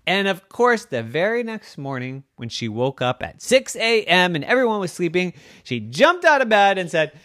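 A parent telling an improvised bedtime story in a playful, lively way that sometimes drops to a hush. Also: mid-range voice, normal speed, few pauses, no room sound, studio quality.

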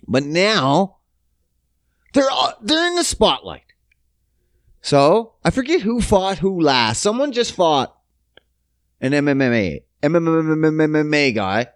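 Male podcast host, loose self-mocking comic rant, fairly high voice, dry close sound. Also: no room sound. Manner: rambling, profane, self-mocking. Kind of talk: casual comedic monologue.

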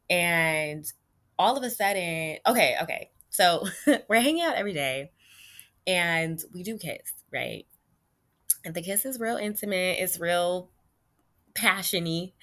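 Frank female vlogger, low register with a bright edge, casual "like"-heavy delivery. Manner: chatty, frequent "like" and "you know", addresses viewers as "y'all"; frank and emphatic. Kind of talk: candid personal storytelling.

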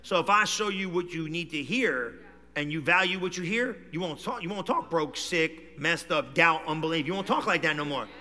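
A man preaching a sermon with animated delivery, going from low conversational talk to loud shouting in a church. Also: moderate pace, long reverb tail. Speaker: pastor. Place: church hall.

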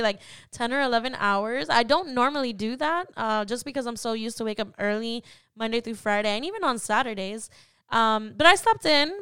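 A woman's voice: fairly high pitch, a bit bright, clean tone, no echo, studio quality. A young woman hosting a podcast, telling a personal story in a heartfelt way that turns emotional at times. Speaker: podcast host.

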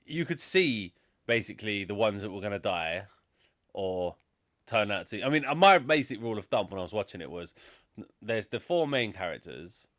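A man's voice: lowish voice, big pitch swings, normal speed, fairly bright tone, no room sound, studio quality. A man in a casual film chat, laid-back and slangy.

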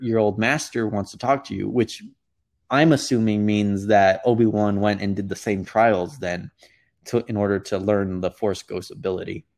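A man's voice: lowish voice, a little mellow. A young man in casual chat, recapping a show in a rambling way, with many fillers and restarts.

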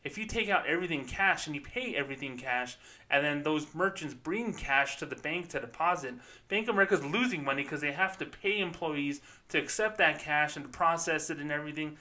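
A man's voice: on the high side, animated, a little fast, few pauses, bright, forceful tone. A man hosting a podcast, ranting sarcastically and with profanity about banking, speaking as a former bank employee. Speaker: podcast host. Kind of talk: ranting commentary.

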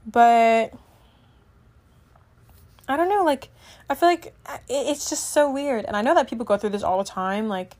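A teenage girl talks casually to her viewers, her voice sitting a bit high. She rambles, stacks up fillers and keeps breaking off to restart her thoughts. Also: normal speed, long pauses, darkish tone. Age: teens. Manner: rambling, chatty, filler-heavy with lots of "like"; self-correcting, trails off and restarts. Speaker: vlogger. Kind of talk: casual chat to camera.

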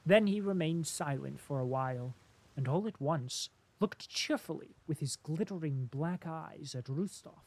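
Slow, measured male storyteller. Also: on the high side, animated, a little mellow, no echo. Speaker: audiobook narrator. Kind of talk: scripted narration.

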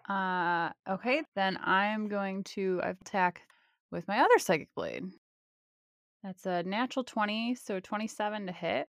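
A woman's voice: medium pitch, unhurried, creaky, no echo, clean studio sound. A woman playing in a tabletop game, calling out her moves and rolls in a matter-of-fact way. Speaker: player. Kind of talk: casual game table talk.

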